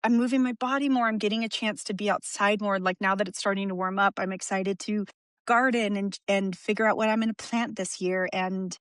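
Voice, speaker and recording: Woman, podcast guest, candid and emotional, rambling with restarts, soft laughs, dry recording. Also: mid-range voice, fairly even intonation, fairly quick, dry recording. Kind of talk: candid conversational interview.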